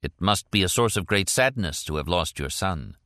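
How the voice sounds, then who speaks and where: A man voicing a wary American with a cane who speaks in a measured, wry way. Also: low-pitched, expressive, a bit bright, no echo, clean studio sound. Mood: polite.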